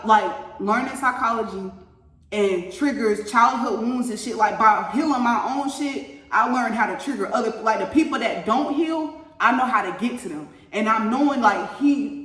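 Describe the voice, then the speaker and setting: A woman telling a story straight to her viewers in a casual, profane and animated way. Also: fairly high pitch, far from the mic. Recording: roomy echo, mic set back.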